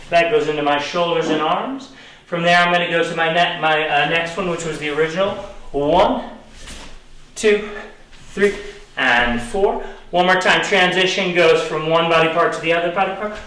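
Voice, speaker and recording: A man's voice: fairly high pitch, pushed and bright, a little hiss or hum. A man teaching an online dance lesson, counting out beats while he moves and encouraging viewers as he goes. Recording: roomy echo, distant camera mic.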